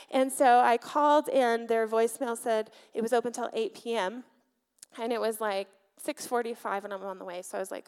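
A woman's voice: a little high, fairly even intonation, brisk, darkish tone, clean tone. A woman in her thirties or forties preaching a sermon before a congregation. She tells a personal story in a candid, conversational way, with filler words. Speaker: church speaker, pastor's wife. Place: church sanctuary before a congregation.

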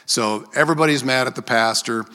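A man preaches in a loose, conversational way, telling stories and jumping up in pitch to play the people in them. His voice is bright and forceful, and it rings out with a long reverb, as in a big hall. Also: fairly quick, clear, resonant tone. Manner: storytelling, acts out quoted voices with sharp rises in pitch. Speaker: preacher and worship leader. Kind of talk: conversational sermon.

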